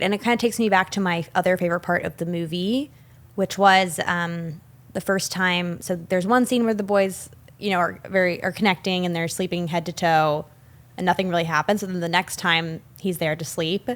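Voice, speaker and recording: A woman's voice: fairly low pitch, normal speed. Chatty young woman retelling a film. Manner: chatty, animated retelling with frequent fillers and laughs. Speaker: podcast co-host. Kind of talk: casual film discussion.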